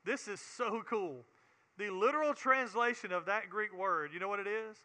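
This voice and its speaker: Very high-voiced, bright Southern preacher man. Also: moderate pace, long reverb tail. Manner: earnest, repeats words, builds to emphatic preaching. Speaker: Bible teacher. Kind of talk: Bible teaching sermon.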